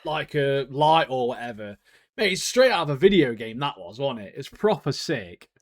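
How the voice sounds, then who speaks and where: A man's voice: medium pitch, big pitch swings, moderate pace, dry recording, studio quality. A man co-hosting a podcast in casual chat, laid-back, swearing freely and laughing often. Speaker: podcast co-host.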